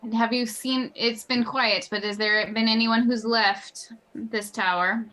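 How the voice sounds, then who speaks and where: A woman playing a tabletop game who speaks in character, with formal, slightly halting phrasing that drops articles. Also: fairly high pitch, fairly even intonation, sharp tone, rough recording. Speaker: player. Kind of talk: in-character role-play.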